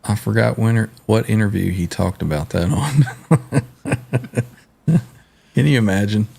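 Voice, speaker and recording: A man's voice: on the low side, lively intonation, unhurried, gravelly, mellow, slightly rough. A man in a casual chat, bantering and joking.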